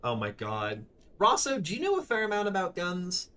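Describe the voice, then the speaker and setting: A man from California giving excitable, casual commentary while playing a game. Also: high-pitched, normal speed. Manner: excitable, swears, chuckles often. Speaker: gaming streamer.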